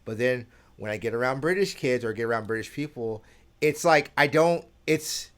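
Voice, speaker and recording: A man in casual podcast chat, talking in a halting, rambling way with many "um"s and "like"s. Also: medium pitch, lively intonation, fairly bright tone. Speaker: podcast co-host.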